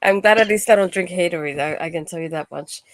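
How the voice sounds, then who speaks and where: A woman hosting a casual wrestling recap, chatty and quick to laugh, with lots of fillers like "like". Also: lowish voice, noisy background. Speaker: podcast host.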